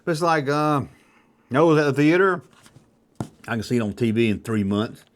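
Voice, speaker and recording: A man's voice: mid-range voice, animated, normal speed, slight background noise. Rambling nostalgic man in his fifties. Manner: rambling, reminiscing, chatty. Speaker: YouTube host. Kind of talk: casual nostalgic monologue.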